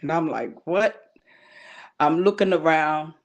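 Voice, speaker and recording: A woman's voice: fairly low pitch, a little slow. A woman, a guest on a talk show, telling her personal faith testimony in an earnest, emotional way, near tears at times, with many fillers.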